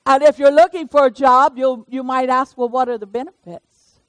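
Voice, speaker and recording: A woman's voice: high voice, steady tone, moderate pace, no echo. An older woman preaching a sermon in a folksy, conversational way, calling on listeners by name.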